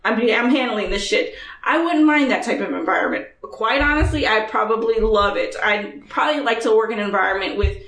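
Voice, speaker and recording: A woman co-hosting a podcast in casual chat, blunt and animated, cursing freely as she talks. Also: a little high, brisk, few pauses, reverberant. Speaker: podcast co-host.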